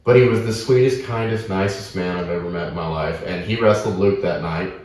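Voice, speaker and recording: Podcast co-host, man, low voice, swearing storyteller, heard from off-mic in a roomy space. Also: fairly quick. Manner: profane, animated anecdotes. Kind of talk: casual storytelling chat. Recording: roomy echo, distant from mic.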